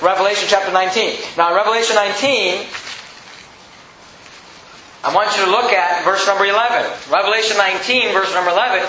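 Preacher, male, high bright voice, slow weighty scripture reading, echoey room, lo-fi. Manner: reads verses slowly and with weight, then explains in quick asides. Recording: echoey room, dull lo-fi sound.

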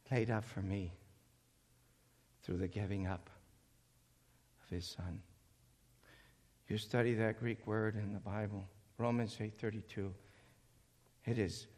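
A male preacher delivering a sermon, swinging between shouted passages and quiet, intense reading of scripture. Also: fairly low pitch. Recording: echoey hall.

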